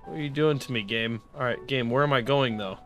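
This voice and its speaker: A young man doing let's play commentary, excitable and sarcastic, pleading and shouting at the game as he plays. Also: mid-range voice, a little fast, faint music behind. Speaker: gaming YouTuber.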